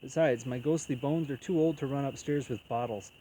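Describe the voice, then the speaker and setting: A man voicing a gentle old male ghost who answers in short, calm words in a storybook reading. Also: mid-range voice, brisk, slight background noise, close to an everyday voice, rough recording.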